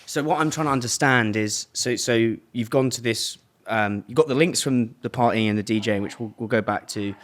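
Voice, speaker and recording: A man's voice: mid-range voice, normal speed, hardly any pauses. A man hosting a casual podcast interview, asking probing questions with restarts and the odd swear word. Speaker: podcast host.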